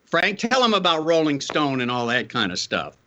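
A man recounting a story as a guest in a casual interview, relaxed and full of fillers. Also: fairly high pitch, moderate pace, lo-fi sound, a little hiss or hum.

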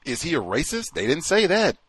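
A man's voice: on the high side, big pitch swings, brisk, fairly bright tone, slightly rough, no room sound. A man hosting a call-in show, talking casually and animatedly, acting out the voices of people he quotes. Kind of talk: casual radio talk.

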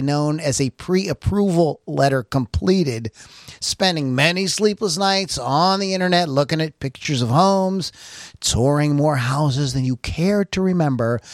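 A man's voice: on the high side, dry recording, clean studio sound. A man hosting a podcast in a jokey, casual way, often stumbling and restarting his questions. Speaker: podcast host.

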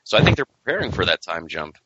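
A man with a low, bright voice who chats casually as a podcast co-host. His pitch moves a lot, and the sound is lo-fi and dull. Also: big pitch swings, fast, background noise. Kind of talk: casual chat.

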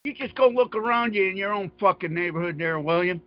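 A man's voice: sits high, fairly quick. A man ranting angrily and profanely about politics as a podcast co-host, repeating himself as he goes. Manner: angry, profane, repetitive. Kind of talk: heated political rant. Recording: dull, dry lo-fi sound.

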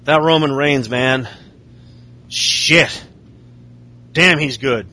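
A man's voice: mid-range voice, very slow, sharp tone, voice pushed down. A man imitating a male wrestler who grudgingly praises a rival while making excuses.

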